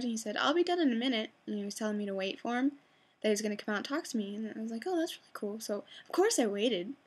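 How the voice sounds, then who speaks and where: A young woman telling a fan story in a chatty, excitable way, full of fillers and restarts. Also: fairly high pitch. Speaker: vlogger.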